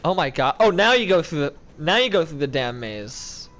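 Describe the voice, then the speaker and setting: A man's voice: fairly high pitch, sing-song, normal speed, fairly bright tone. Exasperated young man coaxing a game character. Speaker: gaming video creator. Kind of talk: casual gameplay commentary.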